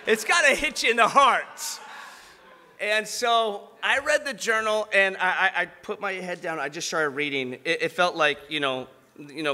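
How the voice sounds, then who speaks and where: High bright-voiced man preaching in a hall. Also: moderate pace. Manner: personal testimony building to fervent preaching. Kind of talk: sermon. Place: large church hall.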